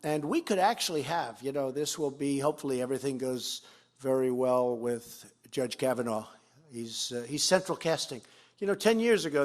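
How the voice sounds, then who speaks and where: A man in his seventies giving a campaign speech at a fundraiser, repeating phrases emphatically and swinging between loud and quiet. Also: mid-range voice. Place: fundraiser event.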